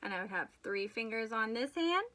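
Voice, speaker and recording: A woman's voice: a little high, expressive, fairly quick, pushed and bright. A young woman teaching young children a remote math lesson, patient and encouraging, leading them through counting and chanted rhymes.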